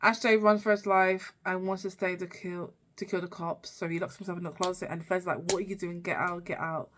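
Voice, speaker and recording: A woman's voice: fairly low pitch, fairly even intonation, fairly quick, fairly bright tone, slight background noise. A young woman vlogger recapping a TV season in a rambling, casual way, with many fillers and restarts. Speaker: TV review vlogger.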